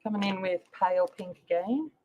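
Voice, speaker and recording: A woman's voice: medium pitch, a little fast. A woman hosting a casual livestream, chatting with viewers by name while she colors. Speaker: livestream host. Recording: slightly dull lo-fi sound.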